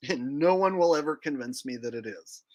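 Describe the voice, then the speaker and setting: A man's voice: on the high side, lively intonation, a little fast, a little mellow. A man hosting a casual livestream, joking brashly with viewers and cursing freely. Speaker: livestream host.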